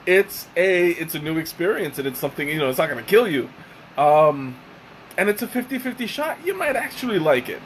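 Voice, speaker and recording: A man casually reviewing a tea on a live stream, halting with many fillers and restarts. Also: on the high side, sing-song, a little hiss or hum, rough recording. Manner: hesitant, many fillers and restarts, chuckles often.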